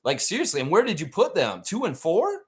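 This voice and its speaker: A man's voice: fairly high pitch, quick pace. A man hosting a live stream, chatting casually and ranting with plenty of swearing. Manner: profane, animated rant reading chat.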